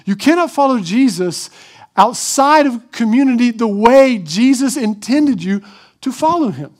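High-voiced, animated preaching man. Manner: animated preaching, acts out crowd shouts. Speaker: pastor. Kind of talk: sermon.

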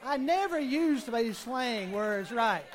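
A man's voice: very high voice, expressive, slow pace, some chatter behind. A middle-aged man preaching a sermon as pastor, folksy and conversational, with plenty of rhetorical questions.

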